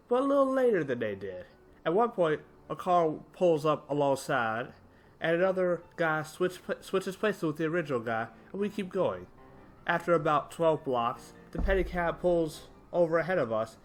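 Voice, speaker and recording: A man reading internet stories aloud with a lively, swooping delivery and a voice a touch higher than most. He stops to fix his own slips as he goes, and soft music plays underneath. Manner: animated reading with small self-corrections. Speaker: story narrator. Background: faint background music.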